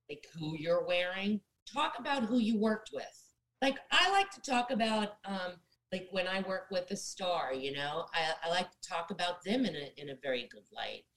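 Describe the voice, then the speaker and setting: A middle-aged woman with a slightly low voice chats as a guest on an interview. She speaks bluntly and gives frank career advice, often turning to address her listeners directly. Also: rough recording. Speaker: actress and guest. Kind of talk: casual interview chat.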